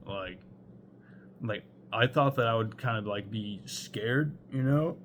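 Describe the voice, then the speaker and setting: A man's voice: fairly low pitch, takes it slowly, a bit bright, a little hiss or hum. A young man telling a rambling storytime anecdote, full of fillers and swearing. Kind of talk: casual storytime monologue.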